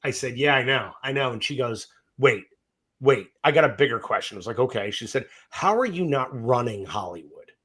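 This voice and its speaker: A middle-aged man, a film director, telling profane, lively stories in an interview and acting out both sides of conversations. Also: medium pitch, brisk. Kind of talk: animated storytelling in a casual interview.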